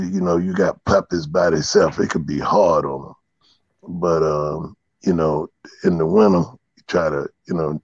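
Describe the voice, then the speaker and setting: A man talking in a halting way, full of fillers, as a guest on a casual talk show. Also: sits low, a little mellow, slightly rough, dry recording, highs cut off. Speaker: podcast guest. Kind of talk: casual chat.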